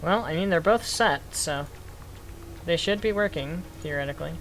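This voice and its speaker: A young man chatting casually with his live-stream chat, reacting with quick excited outbursts. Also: fairly high pitch. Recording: game music playing behind.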